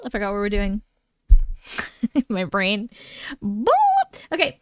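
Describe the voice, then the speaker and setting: A woman's voice: mid-range voice, fairly even intonation, takes it slowly, a bit bright, clean tone, no echo, studio quality. A woman hosting a casual livestream, chatting and reading viewers' stories aloud in a playful manner that keeps breaking into jokes.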